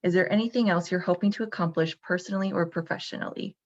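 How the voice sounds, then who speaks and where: A woman's voice: on the low side, steady tone, fast, muffled recording. Earnest young woman asking questions. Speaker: social work student interviewer. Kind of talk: interview questions.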